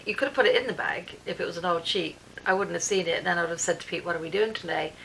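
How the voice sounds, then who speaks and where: Gravelly bright-voiced British woman vlogging. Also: on the low side, very fast, hardly any pauses, a little hiss or hum, low-quality recording. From Britain. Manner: chatty, animated storytelling with reported speech. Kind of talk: casual vlog rant recounting her day. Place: at home. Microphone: camera.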